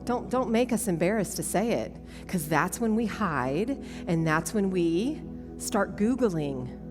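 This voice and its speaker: A woman, giving a testimony talk at a women's church event, animated and self-mocking, laughing often. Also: on the low side, unhurried, music in the background. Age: 40s. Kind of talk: sermon-style testimony talk. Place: large church hall. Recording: long church hall reverb.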